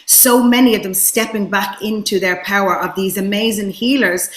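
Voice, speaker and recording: A woman's voice: medium pitch, steady tone, normal speed. Eager woman host in an echoey room. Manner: enthusiastic, with frequent restarts. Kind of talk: casual interview chat.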